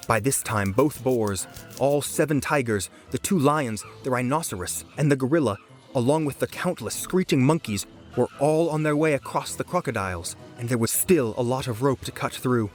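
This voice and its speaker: Brief: calm, measured male storyteller for a children's audiobook, gentle music under. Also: mid-range voice. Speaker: audiobook narrator. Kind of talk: storybook read-aloud narration. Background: soft background music.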